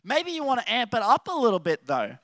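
Young Australian male preacher, high voice, rambling animated storyteller. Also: fairly quick, no room sound, clean studio sound. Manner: animated, rambling storytelling with many restarts and laughs. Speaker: youth preacher. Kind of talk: casual sermon.

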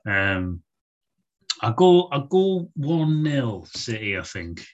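A man's voice: medium pitch, big pitch swings, slow, lo-fi sound. A man from England chatting about football on a podcast, rambling with lots of fillers and casual swearing.

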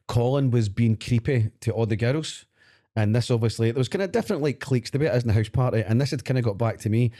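Scottish guy on a podcast, warm mellow voice, laughing and swearing through a story. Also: medium pitch, fast. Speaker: podcast co-host. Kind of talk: casual chat.

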